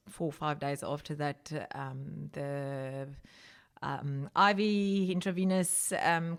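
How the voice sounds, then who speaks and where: A woman from South Africa, a podcast guest, telling her story in conversation, growing emotional as she speaks. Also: clean tone. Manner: emotional, rising pitch when recounting prayer. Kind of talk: personal testimony in conversation.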